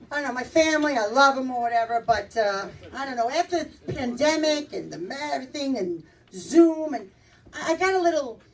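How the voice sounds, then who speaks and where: A woman's voice: high-pitched, background noise. Brash middle-aged New woman comic. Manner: brash, chatty, laughing through punchlines. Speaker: stand-up comedian. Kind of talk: stand-up comedy set. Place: comedy club stage with audience. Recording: distant club recording with crowd laughter.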